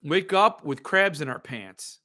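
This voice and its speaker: A man hosting a casual monologue, rambling and animated with excitable outbursts. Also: on the high side, unhurried. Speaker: host.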